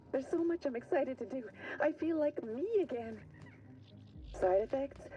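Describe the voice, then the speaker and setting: A woman's voice: medium pitch, mellow, dull audio, natural voice. A woman voicing a drug-hooked worker's audio log. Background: game music.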